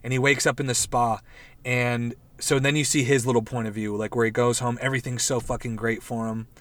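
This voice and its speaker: Casting: young male podcast host, dry close sound, animated rambling recap with swearing. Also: medium pitch, fairly quick, no room sound. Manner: rambling, profane, animated retelling with quoted voices. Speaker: podcast host reviewing a show. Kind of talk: casual chat.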